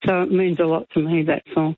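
A woman calling into talk radio, speaking earnestly with a few halting restarts. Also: deep voice, flat delivery, no room sound. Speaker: caller. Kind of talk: phone-in chat. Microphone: telephone. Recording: tinny dry phone line.

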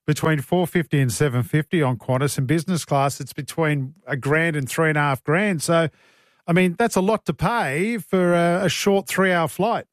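A man's voice: a little high, moderate pace, no echo. An Australian man hosting a talkback radio show in a studio, chatty, joking and blunt. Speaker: radio host. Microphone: studio mic.

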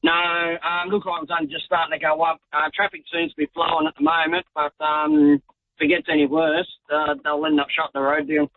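An Australian man phones in to a radio show, reporting in a halting way full of fillers. His voice is fairly high, lively in pitch and a little gravelly. He comes through a tinny phone line. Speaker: radio caller.

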